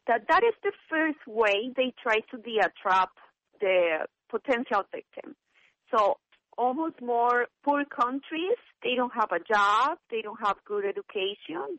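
A woman from Colombia with a Colombian Spanish accent, earnestly giving personal testimony in a radio interview in halting, non-native English. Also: fairly high pitch, no echo, lo-fi sound. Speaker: interview guest.

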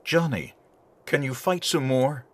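A woman putting on a stern, gruff old man. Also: rumbling low, animated, a little slow, pushed and bright, pitched below the performer's own voice, heavily acted. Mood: anxious. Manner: cold, commanding. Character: stern old male hotel keeper.

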